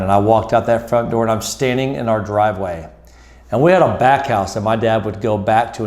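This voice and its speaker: A middle-aged man with a lowish voice tells a personal story straight to camera. He speaks earnestly and reflectively, slowing down with deliberate pauses. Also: darkish tone. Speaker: motivational speaker.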